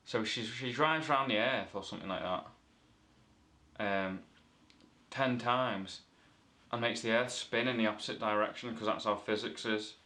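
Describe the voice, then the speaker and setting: A man's voice: lowish voice, normal speed, sharp tone. A man from the north of England giving a rambling, playful comic movie review full of self-corrections.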